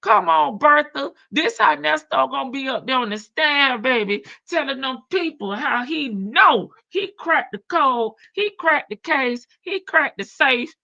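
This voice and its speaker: A woman's voice: high voice, animated, measured pace, vocal fry, hardly any pauses, pushed and bright, highs cut off. A woman with a country Southern drawl hosting a casual livestream, chatting, laughing and reading viewer comments. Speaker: livestream reaction host.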